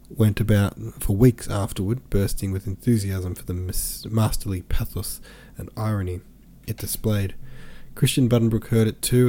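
Low, mellow male audiobook narrator. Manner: steady, measured, even storytelling. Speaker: podcast host and audiobook reader. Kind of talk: audiobook narration of a classic novel.

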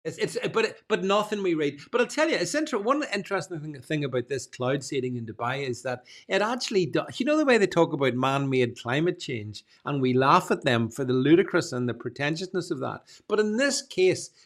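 A man's voice: fairly high pitch, very animated, a little fast, hardly any pauses. A man hosting a casual panel discussion, rambling with many restarts and fillers. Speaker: host.

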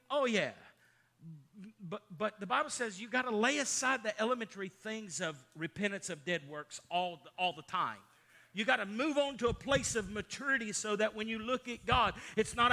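Bright-voiced emphatic preacher man. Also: sits high, animated, brisk. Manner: emphatic preaching, swings from loud to hushed storytelling. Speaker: pastor. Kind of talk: sermon.

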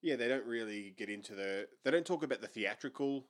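Full of laughs and false starts, this movie podcast co-host chats casually and rambles on. His medium-pitched voice is lively and quick.

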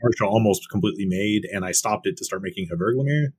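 A man's voice: on the low side, quick pace, darkish tone, slight background noise. A man co-hosting a casual gaming podcast, easygoing and laughing along. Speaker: podcast co-host.

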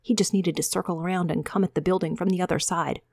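A woman author reading a chapter of her own fantasy novel aloud in a steady, measured way. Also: lowish voice, no echo, studio quality.

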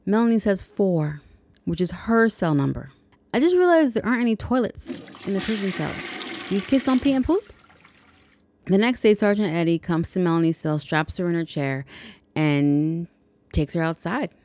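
A woman hosts her own podcast and walks through a film's story in a chatty, joking way. Her voice sits fairly low and has a noticeable gravelly fry. The sound is dry and close, with no room around it. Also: animated, moderate pace, a little mellow, no echo. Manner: chatty, jokey asides. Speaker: podcast host. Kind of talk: casual movie plot recap.

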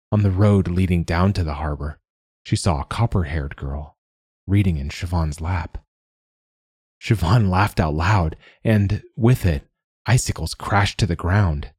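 A man narrating a fantasy story in a measured storytelling manner. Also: deep voice, darkish tone, husky, no room sound, clean studio sound. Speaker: audiobook narrator. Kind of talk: scripted narration.

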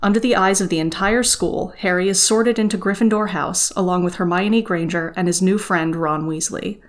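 A woman co-hosting a podcast, reading a novel passage aloud and summarizing the chapter in a steady, expressive way. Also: fairly low pitch, moderate pace. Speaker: podcast co-host.

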